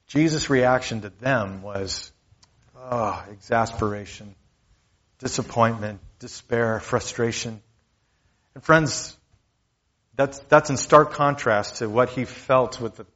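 Male pastor, mid-pitched, casual preaching voice that repeats its points; slightly muffled recording. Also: a bit bright. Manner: conversational preaching, repeats key lines. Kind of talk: sermon.

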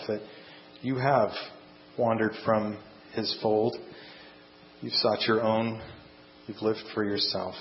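A man preaching a sermon and closing in prayer, earnest and measured, speaking in short phrases. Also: on the low side, reverberant. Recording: dull lo-fi sound with faint mains hum.

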